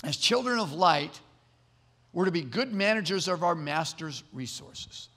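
In a church sanctuary, a pastor with a high, slightly bright voice preaches a sermon, expressive and unhurried. He's earnest, often repeating words as he builds toward emphatic points, and the large hall is audible around him.

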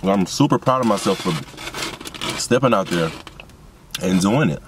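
A young man talks low and a little deep, rambling with excitement as he speaks straight to his viewers. He records on a phone in a parked car. Faint car and street noise sits behind him. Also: moderate pace. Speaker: vlogger and seasoning business owner. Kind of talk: casual car vlog while eating.

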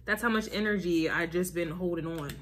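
A woman's voice: fairly low pitch, brisk, a little hiss or hum. A woman giving a casual tarot reading to her viewers, emphatic and repetitive, often checking in with "all right?" and "okay?". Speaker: tarot reader.

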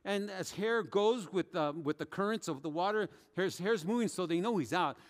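A man with a notably high voice preaching a sermon, telling the story vividly and acting out the quoted speech of the people in it. His voice rings with a long hall reverb, as if in a church sanctuary. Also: normal speed. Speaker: pastor.

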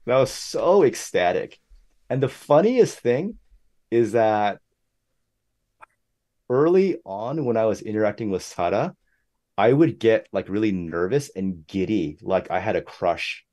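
A young man speaks as a guest on a casual podcast, telling his story with plenty of energy. His voice sits fairly low and has a warm, mellow tone. He keeps jumping up high in pitch when he acts out what other people said. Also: expressive, unhurried. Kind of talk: casual interview chat.

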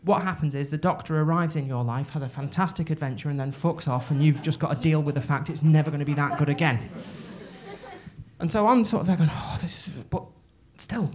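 This stand-up comic is a woman whose voice sits low and moves quickly. Gripping a handheld mic at a comedy club, she spins an excitable, profane, meandering story full of restarts.

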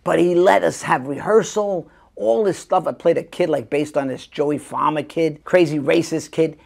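A middle-aged man with a gravelly, husky voice, chatting as a guest actor. He tells his stories with energy and slips into the voices of the people he quotes. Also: on the high side, moderate pace. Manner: animated storyteller acting out quoted voices. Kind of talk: casual storytelling interview.

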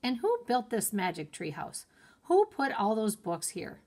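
A woman's voice: on the high side, huge pitch swings, unhurried, darkish tone, full character voice. A woman voicing a careful, bookish young boy who sounds puzzled and full of questions.

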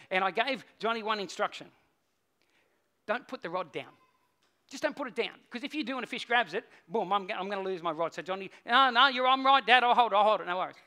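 A middle-aged man, preaching a sermon as a pastor and telling a story, swinging between hushed and loud. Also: sits high.

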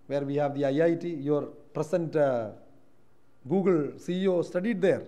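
A man from Kerala with an Indian English accent, preaching a sermon in a church, moving between quiet reflective lines and loud emphatic ones. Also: a little high. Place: church hall.

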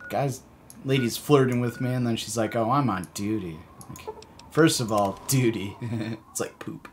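A man streaming a game live, giving excitable, jokey commentary, swearing and laughing often. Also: mid-range voice, a little slow, a little hiss or hum.

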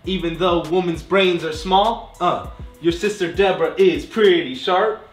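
A man's voice: high voice, measured pace, faint music behind. A young man putting on a smug, condescending character voice for an accent game. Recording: echoey room, off mic.

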